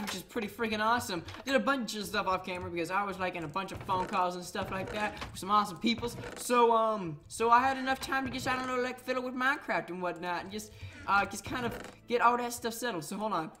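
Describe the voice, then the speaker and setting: A young man rambling excitably through casual gameplay commentary, full of fillers and restarts. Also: high-pitched, quick pace, a little hiss or hum. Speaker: gaming YouTuber. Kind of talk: casual Minecraft let's play commentary.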